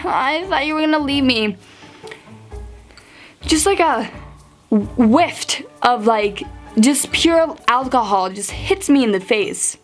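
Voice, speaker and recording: A teenage girl tells a storytime vlog in a bright, high voice, chatty and animated. She peppers every sentence with fillers and jumps into acted-out quotes of herself and friends. Soft music plays faintly behind her. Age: teens. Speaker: vlogger.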